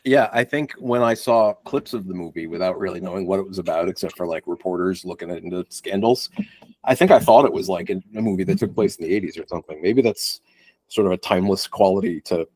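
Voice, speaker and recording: Deep-voiced and quick, with a darkish tone and no room sound, a young podcast co-host gives a casual film review. He rambles, restarts what he's saying, and throws in an occasional profane remark.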